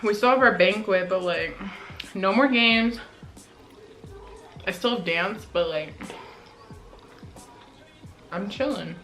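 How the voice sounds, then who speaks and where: A woman's voice: medium pitch, slow, pauses often, a bit bright, soft background music, rough recording. A teenage girl from Colorado chatting casually in a mukbang vlog, full of "like" fillers while she eats. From Colorado, USA. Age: teens. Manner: chatty, lots of "like" fillers, talks while eating. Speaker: vlogger.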